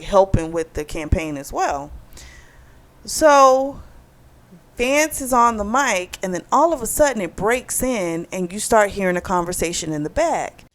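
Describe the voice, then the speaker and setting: A woman casually retelling a book's plot for a review, acting out the characters' lines in quotes as she goes. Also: medium pitch. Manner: chatty storytelling, retells dialogue in quotes. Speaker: book club vlogger. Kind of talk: casual book review recap.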